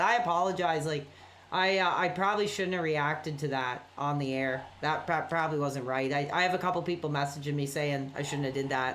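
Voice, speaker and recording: Late at night, a live streamer rambles and apologizes while responding to messages in his chat. His voice is fairly high, bright and forceful, with a little hiss or hum on the recording.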